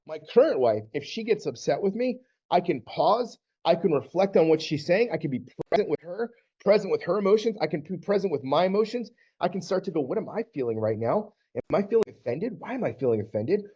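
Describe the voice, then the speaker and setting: A man's voice: fairly high pitch, dark tone. A man from the Southern United States, a men's divorce coach, talking earnestly and conversationally to camera and acting out little quoted exchanges. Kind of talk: direct-to-camera coaching talk. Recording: slightly dull lo-fi audio.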